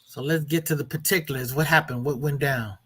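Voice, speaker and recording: A man co-hosting a casual talk show, giving relaxed shout-outs. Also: a little high, brisk, slightly rough. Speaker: co-host. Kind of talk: casual chat.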